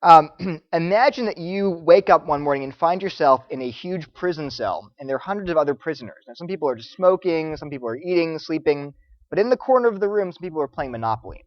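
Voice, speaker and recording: A man lecturing students, telling stories in an animated way and acting out the voices of the people he quotes. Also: a little high, fast talker, no echo, dull audio. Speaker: Christian apologetics speaker.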